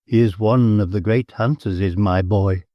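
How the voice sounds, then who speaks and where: A man's voice: normal speed, dry recording, lo-fi sound, natural voice. A man voicing a proud, imperious aristocratic countess in an audiobook, speaking in a raised, persuasive voice. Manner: proud, persuasive, high-pitched. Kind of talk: audiobook character voice.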